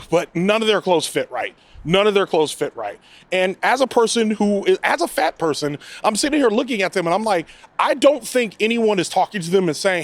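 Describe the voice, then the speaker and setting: Man, film reviewer, casual chat, high voice, very expressive, restarts and mock quotes. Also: dry recording. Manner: animated, rambling, frequent restarts and mock quotes. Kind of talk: casual spoken movie review.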